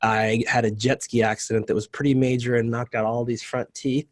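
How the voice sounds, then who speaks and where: A man speaks as a guest on a video-call interview, his voice at an ordinary middle pitch. He tells his story in an earnest, open way. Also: little pitch movement, fairly quick. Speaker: guest, company cofounder. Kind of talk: casual interview chat.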